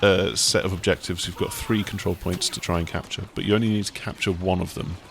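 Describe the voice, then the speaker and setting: A man's voice: low-pitched, flat delivery, fairly quick, slight background noise. A man hosting a casual video game chat, talking in a rambling, enthusiastic way. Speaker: gaming site host.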